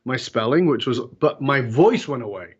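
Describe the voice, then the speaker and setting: A man's voice: mid-range voice, animated, normal speed, husky, dull audio. A middle-aged man, a guest on an interview show, telling stories emphatically and acting out the dialogue of others. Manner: emphatic, storytelling, acts out quoted dialogue. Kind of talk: animated interview talk.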